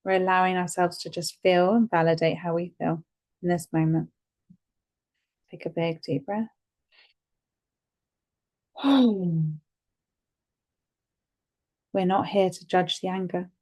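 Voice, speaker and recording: A woman guiding a tapping session, speaking calmly and gently and repeating phrases for the listener to say back. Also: on the low side, a little slow, long pauses. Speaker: EFT tapping guide.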